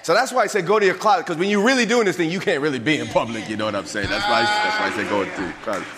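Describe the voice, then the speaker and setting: A man preaching a sermon as bishop and pastor, swinging from hushed whispers to emphatic shouts. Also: fairly high pitch, animated, very fast, in a large hall, a crowd in the background. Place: church sanctuary.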